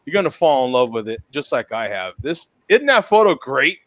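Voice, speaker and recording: A man hosting a casual video-call beer chat, jokey and laughing often, with halting restarts. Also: mid-range voice, sing-song, fairly bright tone, no echo. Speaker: host. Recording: muffled lo-fi call audio.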